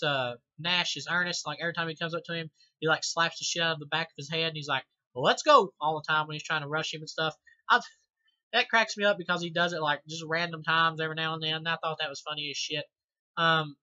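A man's voice: a little high, sharp tone, dry recording, highs cut off. A man giving a casual, rambling film review, full of fillers, restarts and offhand swearing.

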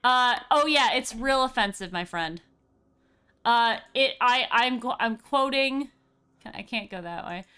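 A woman hosting a gameplay stream, chatting in an excitable, animated way. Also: fairly high pitch, smooth. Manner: excitable, animated, quick reactions. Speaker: streamer host. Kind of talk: casual gameplay chat.

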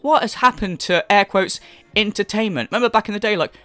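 A man rants through a reaction commentary, sarcastic and profane, his pitch leaping up and down as he mocks and scolds. He sounds close to the mic in a dry, dead room. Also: sing-song, fairly quick, sharp tone, no room sound, soft background music. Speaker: commentary YouTuber.

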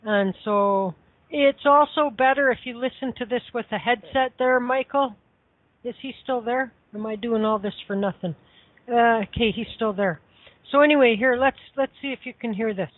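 Woman, casual rambling talker, a touch high, on a phone line. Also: normal speed, no room sound. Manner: rambling, many fillers and restarts. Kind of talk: casual chat.

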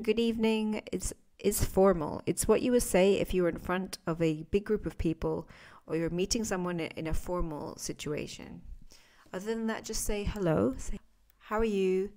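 A woman's voice: mid-range voice, moderate pace, darkish tone. Chatty woman teaching English. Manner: chatty, demonstrates phrases with varied intonation. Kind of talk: podcast language lesson.

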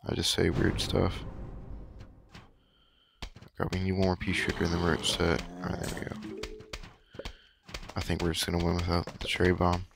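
A man giving slangy, boastful, rambling let's-play commentary in a hushed voice late at night, with a frog in his throat and his voice cracking. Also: low voice, completely flat delivery, moderate pace, long pauses, noisy background. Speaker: gamer. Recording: game music playing clearly underneath. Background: game music.

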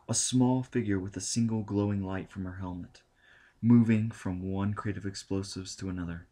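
Low-voiced male audiobook narrator. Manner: steady, measured reading. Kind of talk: scripted narration.

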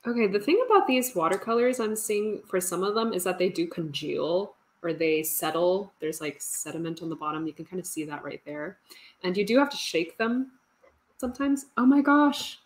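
A woman's voice: fairly low pitch, moderate pace. A woman teaching artist chatting casually while painting, self-deprecating and laughing often. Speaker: teaching artist doing a demo.

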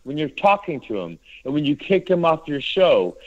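A man's voice: on the high side, sing-song, moderate pace, muffled recording, crowd noise. A man calling into a show, arguing angrily and making profane threats. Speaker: caller. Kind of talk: heated call-in argument.

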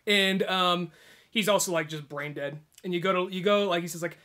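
Young male podcast host, high and bright voice, animated casual storyteller. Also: normal speed. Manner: animated storyteller, acts out game characters' lines. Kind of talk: casual chat.

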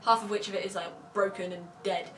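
A woman's voice: mid-range voice, steady tone, a little fast, fairly bright tone, echoey room, distant mic, soft background music. A teenage girl, chatting emotionally and rambling in a casual vlog. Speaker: vlogger.

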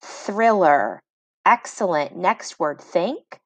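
A woman reading teacher giving a phonics lesson to children, sounding words out slowly syllable by syllable and praising each try. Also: fairly low pitch, lively intonation, dry recording.

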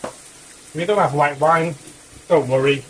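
A man's voice: on the high side, measured pace, slight background noise, poor audio. A man cooking in his home kitchen, talking casually through the steps with chatty asides, a little out of breath. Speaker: home cook.

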